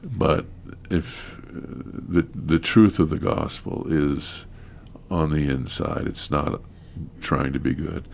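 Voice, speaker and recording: Deep gravelly man, earnest and halting. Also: a little hiss or hum. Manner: earnest, halting with many fillers. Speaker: guest minister. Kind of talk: conversational interview.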